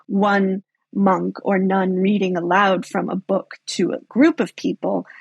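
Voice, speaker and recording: A woman's voice: medium pitch, gravelly, breathy edge, no echo. A woman guest on a history podcast, explaining things thoughtfully and often saying "sort of". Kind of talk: podcast interview.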